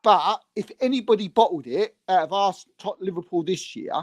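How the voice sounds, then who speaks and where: A man holds forth on football in a loose, rambling way, stumbling over repeated words as he builds up steam. His voice sits a little high for a man, and it sounds dry and close, with no room around it. He mocks the other side with growing heat. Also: animated, normal speed, no room sound. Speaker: podcast co-host. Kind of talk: casual football chat.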